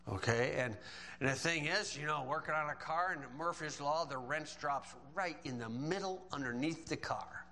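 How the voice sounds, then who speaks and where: A man's voice: on the high side, moderate pace, sharp tone, big-room sound, poor audio. A man preaching a sermon in a folksy way, quoting scripture and joking with the congregation. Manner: folksy, joking asides between scripture quotes.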